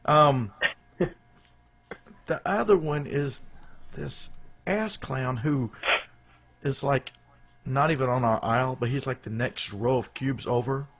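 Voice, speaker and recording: A man's voice: mid-range voice, slow, pauses often, a bit bright. A man co-hosting a live show, chatting casually in a rambling, jokey way with loose restarts. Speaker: podcast co-host.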